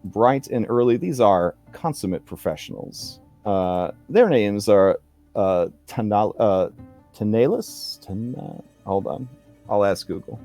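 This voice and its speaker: A man's voice: fairly low pitch, expressive, measured pace, warm tone, soft background music. A man running a tabletop game as game master, narrating in a chatty way full of fillers and jokey asides.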